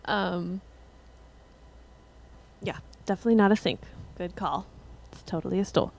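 A young woman musician casually chatting with her livestream viewers between songs, relaxed and rambling. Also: on the low side, normal speed, vocal fry. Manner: relaxed, rambling, laughs at herself.

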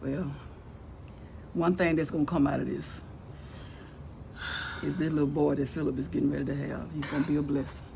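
A man's voice: very high-pitched, expressive, moderate pace, pauses often, a bit bright, slight background noise, exaggerated voice. A man playing a folksy, scolding older mother-in-law in a comedy sketch, sermonizing and bossy. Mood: soothing. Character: preachy older Southern church mother-in-law.

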